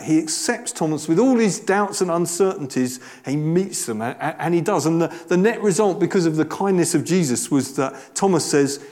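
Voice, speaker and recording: A man's voice: fairly high pitch, a little mellow. A man giving a conversational, earnest sermon with frequent restarts. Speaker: preacher.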